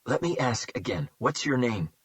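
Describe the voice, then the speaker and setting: A man's voice: mid-range voice, animated, moderate pace, no room sound, natural voice. A man voicing a cold, menacing male kidnapper with a throaty, firm voice, in an audiobook. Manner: threatening, clipped.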